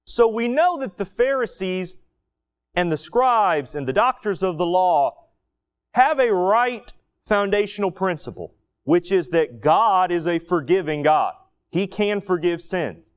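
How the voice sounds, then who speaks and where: A man preaching a sermon, retelling a scripture story in an animated way. He acts out the quoted lines and adds everyday asides. His voice sits fairly high and swings widely in pitch. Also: a little slow, clear, resonant tone.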